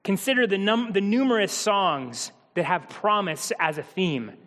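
A pastor preaches to the congregation in a church, speaking directly to them with humor and a conversational tone. He sounds high-pitched, unhurried and somewhat bright, and the hall adds a long reverb.

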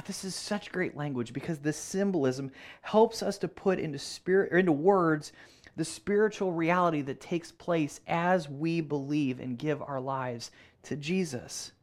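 A man preaching a sermon, earnest, repeating phrases for emphasis and slowing down on key words. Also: fairly high pitch. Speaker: pastor.

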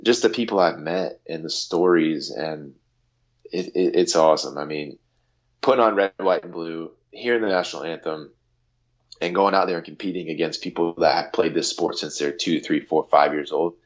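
A man in his thirties from the United States, a guest on an interview show, telling a story in a casual, lively way and acting out quotes. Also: extremely low pitch, moderate pace, dull audio. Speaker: guest, handball athlete.

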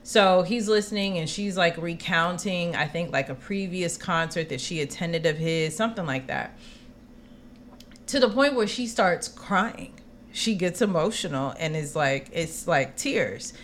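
Animated woman telling a story. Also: fairly low pitch, measured pace, slight background noise. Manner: animated, acts out quotes, slangy asides. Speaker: podcast co-host. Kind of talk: casual storytelling chat.

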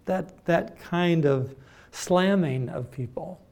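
Male preacher, unhurried, emphatic sermon delivery, a touch high-pitched. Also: darkish tone. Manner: deliberate, emphatic, with repeated words and mimicked voices.

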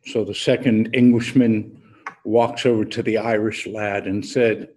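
A man delivering a sermon at a slow, measured pace, his voice slightly husky. He tells his story like an unhurried storyteller, letting deliberate pauses hang before moving on. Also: on the low side, steady tone, darkish tone. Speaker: preacher. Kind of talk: sermon with a told joke.

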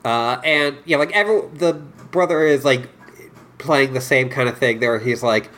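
A man's voice: mid-range voice, moderate pace. A man co-hosting a podcast, chatting about a TV episode and mimicking the characters. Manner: relaxed, mimics characters in quoted asides. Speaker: podcast co-host. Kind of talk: casual chat recapping an episode.

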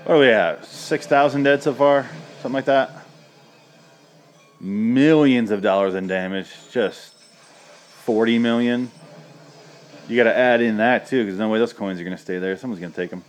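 A man's voice: mid-range voice, moderate pace, long pauses. Rambling, swearing man reviewing a movie. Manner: rambling, sarcastic, swears a lot. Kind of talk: casual profane movie review.

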